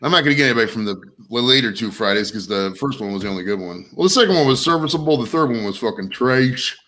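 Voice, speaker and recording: A man's voice: medium pitch, animated, fast talker, sharp tone, low-quality recording. A man hosting a podcast in casual chat, riffing in a jokey, profane way. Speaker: podcast host.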